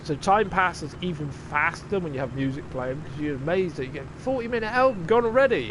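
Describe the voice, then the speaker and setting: A man's voice: a little high, lively intonation, fairly quick, few pauses, noisy background. A man chatting casually and sarcastically while streaming a game, swearing freely. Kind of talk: casual live-stream chat.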